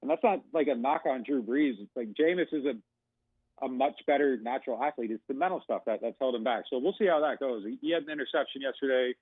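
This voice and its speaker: A man's voice: mid-range voice, brisk, slightly rough, no echo. Man talking football over a tinny phone line. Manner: talkative, rambling with many fillers. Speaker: sports reporter guest. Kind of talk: casual phone-in analysis.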